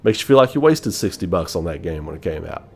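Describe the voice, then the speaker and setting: A man hosting a gaming channel, chatting casually on a live stream in an animated, profane way, laughing often. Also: low-pitched, quick pace, slight background noise.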